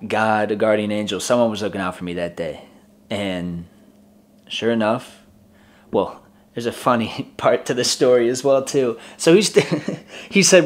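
A man's voice: medium pitch, normal speed. A man in his twenties telling a personal story in a casual way, laughing often and acting out the voices of the people in it. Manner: chatty, laughs often, acts out quoted voices. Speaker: vlogger.

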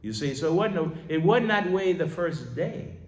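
Man preaching with swelling, lively emphasis. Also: on the high side, moderate pace, far from the mic. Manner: emphatic preaching with sudden loud swells and quiet asides. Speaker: pastor. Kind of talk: sermon. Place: church sanctuary. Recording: echoey church hall.

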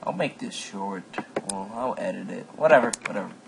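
A man casually commentating a game as he plays, excitable and quick to yelp and exclaim at what happens. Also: lowish voice, gravelly. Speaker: gameplay commentator. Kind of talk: casual let's-play commentary. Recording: noisy home mic recording.

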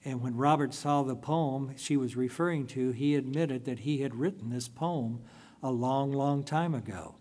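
A man preaching a sermon as a pastor, telling a story in a deliberate way with drawn-out phrases. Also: medium pitch, a little mellow.

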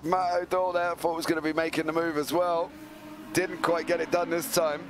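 Hoarse man commentating a sim race. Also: a little high, little pitch movement, brisk, a little hiss or hum. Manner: jokey, rambling comic tangents. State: hoarse, croaky voice. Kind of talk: live sim racing commentary.

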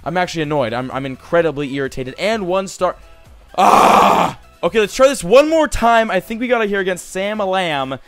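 A young man talks through a game as he plays, excitable and quick to get frustrated, swearing freely. His voice sits a little high for a man. Faint game music plays behind him. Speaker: gaming commentator. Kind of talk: casual gameplay commentary.

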